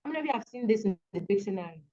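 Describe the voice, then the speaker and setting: A woman with a Nigerian English accent tutoring students over a video call, patient and repeating each word slowly. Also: medium pitch, expressive, dark tone. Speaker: online tutor. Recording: dull lo-fi video call audio.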